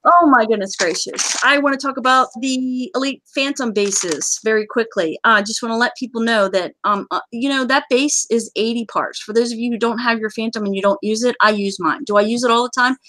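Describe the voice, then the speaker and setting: A woman hosts a casual chat about a strategy game, and her voice sits a little higher than most. She talks in a chatty, joking way and breaks into sudden exclamations. The sound is dry and close, with almost no room echo. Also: fairly quick, few pauses, bright, forceful tone. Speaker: game community host.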